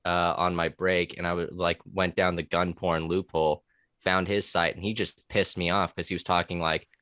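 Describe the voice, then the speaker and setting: Deep-voiced man rambling casually. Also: little pitch movement, normal speed, a bit bright, no echo, studio quality. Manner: rambling, profane, with many fillers and restarts. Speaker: podcast guest, former corrections officer. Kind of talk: casual conversational podcast.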